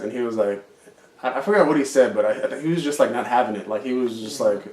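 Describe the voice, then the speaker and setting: A man's voice: on the low side, brisk. A man, co-hosting a podcast, who tells a rambling story full of fillers and swearing. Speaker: podcast co-host. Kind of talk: casual chat. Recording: roomy, distant mic.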